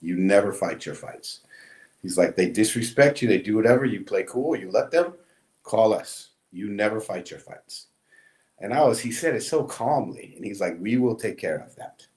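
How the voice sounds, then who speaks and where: A man's voice: on the low side, animated, normal speed, a little mellow. A man casually recounting a story, acting out quoted dialogue as he goes. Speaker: guest.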